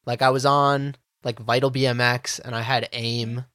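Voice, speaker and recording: Relaxed podcast host on a dry mic. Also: male voice, mid-range voice, moderate pace, clear, resonant tone, no echo. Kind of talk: casual chat.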